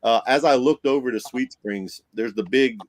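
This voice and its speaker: A man who investigates the paranormal recounts a tale on a podcast, relaxed and animated, acting out quotes and laughing a lot. His pitch is medium and his pace moderate.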